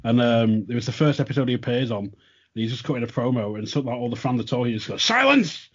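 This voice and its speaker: Husky-voiced man telling an anecdote. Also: medium pitch, steady tone, racing, a little mellow. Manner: chatty storytelling, fillers. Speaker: co-host. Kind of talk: casual chat. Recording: dull lo-fi audio.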